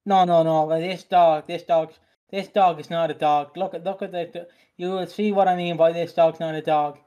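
A man with a high voice telling rambling stories in a loose podcast chat. He is full of fillers and restarts and breaks into giggles often. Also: fairly even intonation, normal speed, warm tone, clear, resonant tone. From Britain. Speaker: podcast co-host. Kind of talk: casual chat.

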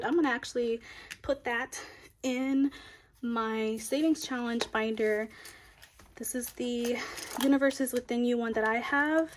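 A woman's voice: fairly high pitch, a little hiss or hum. A young woman, chatting casually while counting cash for her budget. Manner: counting bills aloud, chatty and upbeat. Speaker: budgeting vlogger. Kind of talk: casual cash-stuffing chat.

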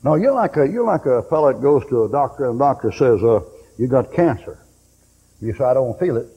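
A man's voice: medium pitch, animated, a little fast, slightly rough, muffled recording. A man preaching a sermon in a folksy storytelling way, acting out the voices in his stories. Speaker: pastor. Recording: reverberant hall recording.

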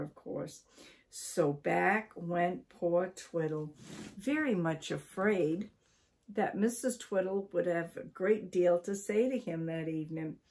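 An older woman from Maine reads a children's story aloud. She takes it slowly and deliberately, pausing between phrases. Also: fairly low pitch, darkish tone. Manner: slow, deliberate reading.

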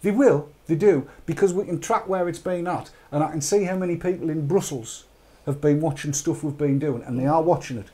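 A man's voice: a little high, a little fast, dark tone. Rambling British man hosting a show. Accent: British English. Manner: rambling, urging viewers, jokey asides. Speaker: host of a live online talk show. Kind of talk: live chat show talk.

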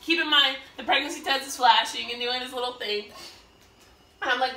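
A bright, high-pitched young woman telling a lively personal story in an echoey room, a little away from the mic, breaking into laughter. Now and then she acts out loud voices of other people, with faint noise underneath. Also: a little fast, far from the mic. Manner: animated, laughing, acts out quoted people loudly. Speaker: vlogger. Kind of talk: casual storytelling.

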